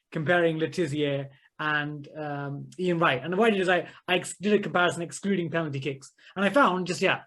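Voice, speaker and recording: Keen guy, maths teacher, chatty and animated, a bit higher voice. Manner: enthusiastic, animated storytelling. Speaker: guest, author and maths teacher. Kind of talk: interview conversation.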